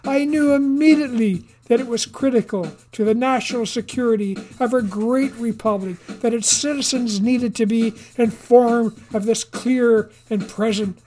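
A reader voicing a boastful male senator who speaks in a sonorous Texas twang and pitches his voice higher for speechmaking. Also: normal speed, hardly any pauses, a little mellow, lightly acted. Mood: grandstanding. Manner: raised pitch, grandstanding speechmaking. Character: boastful male Texan senator, showy and self-satisfied.

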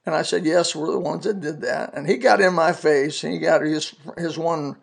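An older man in his seventies gives a podcast testimony sermon with a raspy, gravelly edge. His voice sits a little high for a man, and he tells his story earnestly and folksily, quoting scripture along the way. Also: normal speed. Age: 70s. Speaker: podcast preacher.

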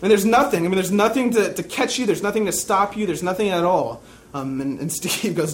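A man's voice: high voice, fairly quick, a little hiss or hum. A young man preaching a sermon, telling a personal story in a casual, self-deprecating way.

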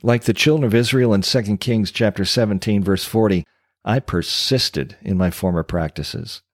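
A man in his sixties, a former pastor and ministry coach, giving an earnest personal testimony with slow, emphatic pauses. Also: on the low side, no echo, studio quality.

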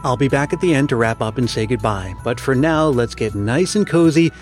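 Gentle male storyteller with soft music. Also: medium pitch, animated, brisk. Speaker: podcast host and storyteller. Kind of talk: scripted narration of a classic story.

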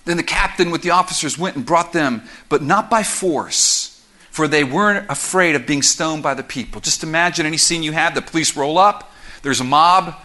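A man preaching a sermon as pastor, explaining scripture verse by verse in an animated, conversational way with quick asides. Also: on the high side. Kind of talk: expository sermon.

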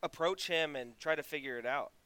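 A man's voice: fairly high pitch, fairly quick, sharp tone, clean tone, no room sound. A man in casual chat, setting up a comic story in a laid-back way, laughing mid-sentence and trailing off when he is unsure.

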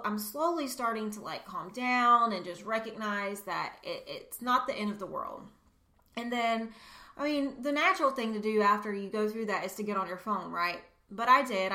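A woman's voice: fairly high pitch, bright, forceful tone, roomy sound. A woman podcast host sharing a personal story in an earnest, emotional way, speaking straight to her listeners.

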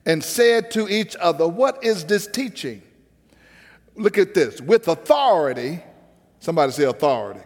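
A man's voice: fairly high pitch, big pitch swings, a little slow, big-room sound. A man preaching a sermon with a rhythmic preaching cadence, calling out to the congregation.

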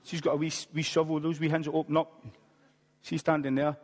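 A man in his late forties preaches with a slightly raised voice, telling a story with quick humorous asides. His words ring out with a long reverb, as if in a large hall. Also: fairly high pitch, completely flat delivery. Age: late 40s. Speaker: pastor. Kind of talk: sermon.

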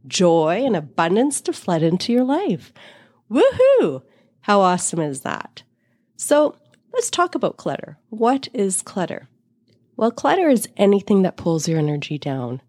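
A woman in her forties hosting a spiritual podcast, her voice raspy while she recovers from an illness, upbeat with slow emphatic phrases. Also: lowish voice, darkish tone, no echo, clean studio sound. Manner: upbeat, with emphatic slowed phrases and bursts of laughter. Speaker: podcast host and spiritual teacher. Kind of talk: solo podcast monologue.

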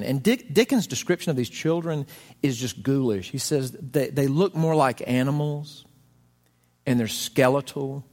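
A man's voice: medium pitch, in a large hall. A man preaching a conversational sermon, telling stories expressively and acting out the lines he quotes. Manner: expressive storyteller, voices quotations dramatically. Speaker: pastor.

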